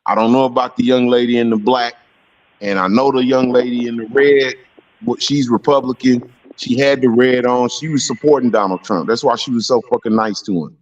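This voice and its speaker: A man calling into a talk show, giving his opinions in a steady, profane way. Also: medium pitch, fairly quick. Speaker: caller. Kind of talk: call-in opinion. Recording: muffled distant phone line.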